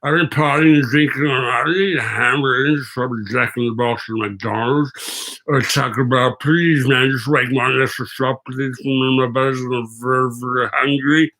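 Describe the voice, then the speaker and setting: A man's voice: medium pitch, steady tone, normal speed, sharp tone, rough recording. A man voicing a drunk, hungry young male rideshare passenger who begs in a whining, pleading way.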